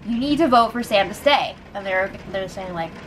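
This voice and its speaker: A young woman casually recapping a reality show, gossipy and animated, acting out what people said. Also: mid-range voice, normal speed, a little hiss or hum, low-quality recording. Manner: gossipy, animated, retells quotes.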